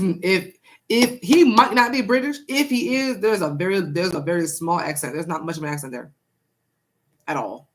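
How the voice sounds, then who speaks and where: A young woman doing a casual live-stream tarot reading, chatting with viewers and repeating herself. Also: on the low side.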